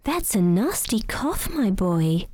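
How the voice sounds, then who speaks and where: A woman voicing a gentle, caring mother rabbit in a storybook, speaking in a coaxing tone. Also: mid-range voice, big pitch swings, slow, no echo, pitched above the performer's own voice.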